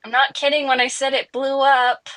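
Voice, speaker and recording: A woman co-hosting a casual book chat, eager and a little apologetic, quick to giggle. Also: sits high, flat delivery, a bit bright. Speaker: host.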